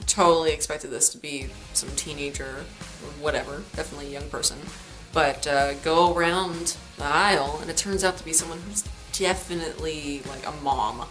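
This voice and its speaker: A woman's voice: sits low, normal speed, fairly bright tone, faint music behind, poor audio. A woman in her late teens ranting to camera in a chatty, sarcastic, rambling way. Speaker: vlogger. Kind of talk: ranting vlog.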